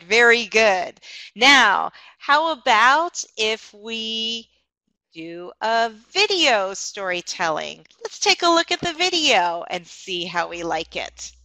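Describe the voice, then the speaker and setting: A woman's voice: a little high, big pitch swings, slow, sharp tone, no room sound, low-quality recording. A woman demonstrating online teaching ideas for English teachers, explaining in an encouraging tone.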